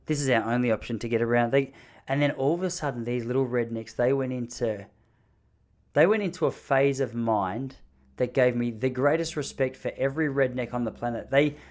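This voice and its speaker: A man's voice: medium pitch, normal speed. Man telling stories animatedly. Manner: animated, jokey storyteller. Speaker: podcast host. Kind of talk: casual storytelling.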